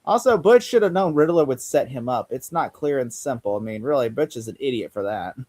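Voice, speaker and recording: A man hosting a casual TV recap chat, acting out characters' lines in quick put-on voices. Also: mid-range voice, expressive, darkish tone. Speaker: podcast host.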